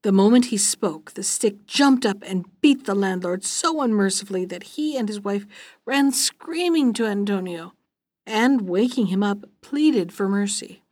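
A woman hosting a storytelling show, reading a fairy tale aloud in a gentle, even way and closing with listener notes. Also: medium pitch, a little slow, no room sound. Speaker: storyteller and podcast host.

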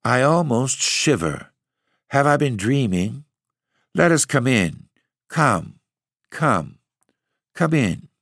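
A man's voice: mid-range voice, very animated, slow pace, long pauses, a bit bright, no echo, voice pushed up, exaggerated voice. A languid, dreamy young noblewoman, weak and mysterious, put on by a man reading a storybook aloud. She murmurs drowsily and half-whispers. The reading sounds close and dry. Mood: drowsy. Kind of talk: audiobook reading.

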